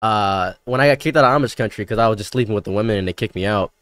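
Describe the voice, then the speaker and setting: A man's voice: fairly low pitch, racing, a bit bright. A man on a casual online talk, telling wild rambling anecdotes with lots of stammered restarts. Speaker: guest. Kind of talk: casual storytelling chat.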